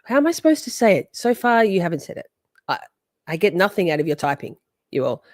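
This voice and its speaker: Animated, swearing woman streamer. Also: mid-range voice, fast, dry recording, clean studio sound. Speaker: livestream host. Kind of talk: casual livestream chat.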